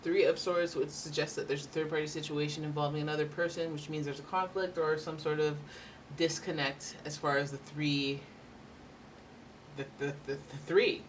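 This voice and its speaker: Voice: medium pitch, level tone, moderate pace, far from the mic, slight background noise. A tarot reader giving a casual, rambling reading with playful asides.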